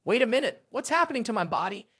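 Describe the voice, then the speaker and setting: A rude, arrogant young executive who is quick to snap and quick to panic, as a narrator puts him on. The pitch moves a lot. The recording is close and dry. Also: very animated, a bit bright, dry recording. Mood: panicked. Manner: snappish, flustered.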